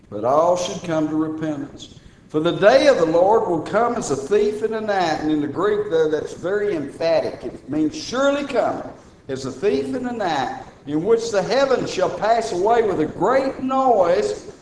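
A man preaching a sermon as church minister, folksy, with emphatic raised lines between low asides. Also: lively intonation, a little slow, a little mellow, roomy sound, a little hiss or hum, poor audio.

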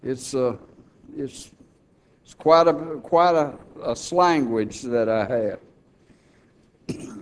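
A man's voice: fairly high pitch, lively intonation, slow pace, clean tone. A man preaching a sermon with a Texan accent, folksy and humorous between passages of scripture. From Texas.

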